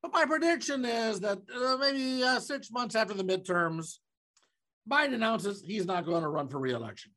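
Animated, bright-voiced podcast co-host. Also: male voice, high-pitched, moderate pace. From Omaha, Nebraska. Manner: joking, teasing banter. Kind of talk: casual chat.

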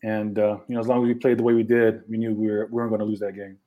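A man from Hawaii, a former football player as guest, talking in a relaxed way with many fillers. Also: lowish voice, racing, narrow, tinny audio. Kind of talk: casual interview.

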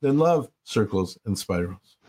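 An older man, a rabbi, talking earnestly in an interview and slowing down to stress his points as he tells stories. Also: fairly low pitch, expressive, darkish tone, breathy edge. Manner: earnest, storytelling, slows for emphasis. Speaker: rabbi, guest speaker. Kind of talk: reflective interview talk.

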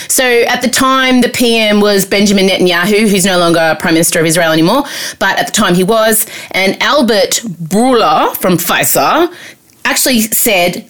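An Australian woman co-hosting a podcast, chatting casually and telling stories in an animated, sweary way. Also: mid-range voice, normal speed. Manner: animated, sweary storytelling with mock voices. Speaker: podcast co-host. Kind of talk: casual chat.

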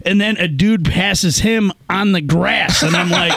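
A man's voice: high voice, slow pace, vocal fry, background noise. A man telling stories in casual, profane chat among friends. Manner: animated storyteller, swears freely.

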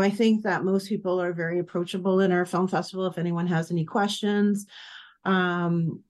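A woman with a fairly low voice explains things on a podcast. She speaks in a friendly way and fills her pauses as she goes. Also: darkish tone. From Canada. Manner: friendly, many fillers and restarts. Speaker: festival programmer guest. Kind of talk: casual podcast chat.

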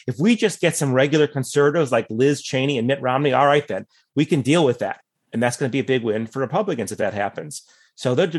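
A man talks through political analysis at an even middle pitch. He is thoughtful and measured, stacking qualifications and asides as he reasons. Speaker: political commentator guest.

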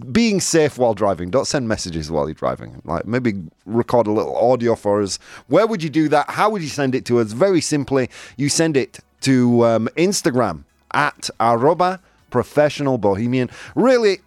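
A man's voice: medium pitch, no room sound. A man in his forties hosting a live show with a jovial, playful manner and frequent laughs. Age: 40s. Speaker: host.

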